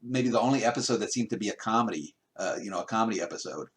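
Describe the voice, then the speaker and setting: A man's voice: on the low side, lively intonation, racing. Rambling male interviewer on a video call. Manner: rambling questions full of restarts and fillers. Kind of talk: casual remote interview.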